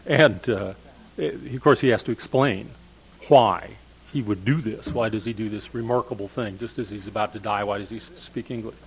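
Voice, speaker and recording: A man's voice: lowish voice, moderate pace, a little hiss or hum, poor audio. An older man, a professor of English literature, giving a discursive storytelling lecture with frequent fillers.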